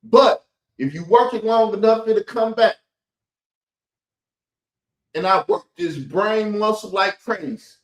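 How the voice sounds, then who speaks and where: The recording is rough and echoey, carrying a man's high voice as he hosts a rambling commentary video on clips. He argues, repeats himself and keeps things colloquial.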